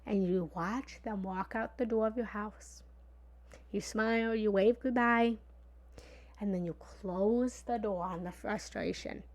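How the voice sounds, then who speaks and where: A woman giving a motivational talk in a lively, conversational way. She sometimes drops into a whisper for emphasis and repeats phrases playfully. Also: medium pitch, a little slow. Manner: repetitive, playful analogies. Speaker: motivational speaker.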